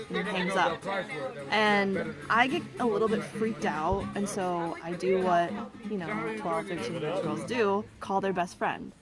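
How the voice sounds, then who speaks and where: A woman's voice: medium pitch, moderate pace, a loud crowd. A young woman casually recounting a true scary experience, chatty and full of fillers. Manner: conversational, lots of fillers and quoted dialogue. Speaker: storyteller. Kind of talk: casual true-story telling. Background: loud background music.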